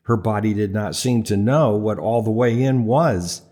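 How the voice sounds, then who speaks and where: A man's voice: lowish voice, normal speed, mellow. A man narrating a comic story in a wry, dryly humorous manner. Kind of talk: audiobook narration.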